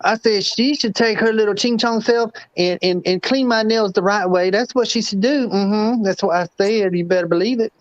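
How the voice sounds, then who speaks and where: Man putting on a sassy gossiping woman, high drawling voice, bossy, muffled call audio. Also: normal speed, hardly any pauses, no room sound, natural voice. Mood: indignant gossip.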